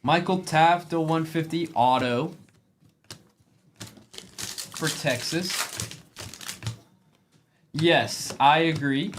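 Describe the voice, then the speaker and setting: Man, card break host, higher voice, roll-call of names, faint background noise. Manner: rapid name roll-call of cards. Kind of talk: live card break commentary.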